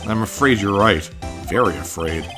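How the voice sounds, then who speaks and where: A fussy elderly judge who speaks formally and a little hesitantly, as a man voices him for a game playthrough. His voice is bright and carries well. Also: on the low side, moderate pace, faint music behind, close to an everyday voice. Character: fussy, dithering old male judge.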